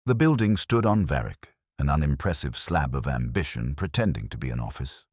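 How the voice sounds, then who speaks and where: A man's voice: extremely low pitch, sing-song, a little fast, a little mellow, breathy edge, dry recording, studio quality. A man narrating a hardboiled mystery in a wry, clipped first-person delivery.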